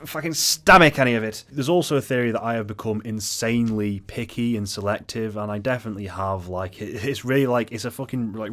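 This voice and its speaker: A young man holds forth in a ranting video essay, swearing freely and blowing every complaint up on purpose, then mocking himself for it. His voice sits a little low. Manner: sweary, hyperbolic, self-mocking rant.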